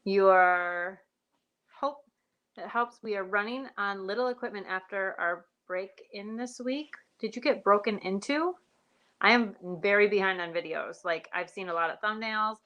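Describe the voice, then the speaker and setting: A woman's voice: mid-range voice, measured pace, a bit bright, highs cut off. A woman farmer hosting a live stream, chatting in a rambling way and greeting viewers by name. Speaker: sheep and goat farmer hosting a livestream. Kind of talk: casual live-stream chat.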